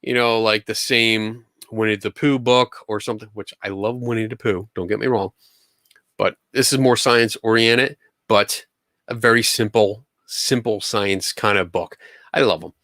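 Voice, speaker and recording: On this casual livestream Q&A, the host's voice sits on the low side, steady and a bit bright, at a normal speed. He's upbeat and enthusiastic, frequently starting sentences over, and the studio recording has no room sound.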